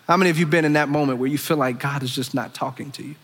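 High, bright-voiced preacher in an echoing hall. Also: male voice, rapid-fire, breathy edge. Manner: impassioned, swinging between loud high preaching and hushed low asides. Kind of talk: sermon. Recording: long echoing reverb of a big hall.

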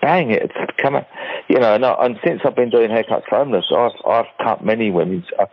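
Middle-aged British man, very low voice, hesitant chat, dull radio sound. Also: fast, slight background noise. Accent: British English. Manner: relaxed, hesitant, repeats words often. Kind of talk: casual radio conversation. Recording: muffled radio broadcast.

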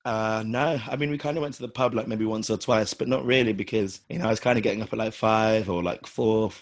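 A man with a husky voice hosting a casual podcast chat, teasing his co-host in quick banter. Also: fairly low pitch, fairly even intonation, no room sound, studio quality.

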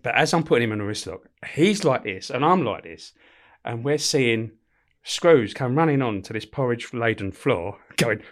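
Middle-aged former prison officer, guest, chatty storyteller who swears freely and acts out voices, even pitch. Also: male voice, normal speed. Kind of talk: casual anecdotal storytelling.

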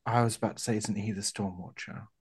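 A man's voice: on the low side, steady tone, fast, breathy edge. A man playing a tabletop game, chatting casually with joking remarks.

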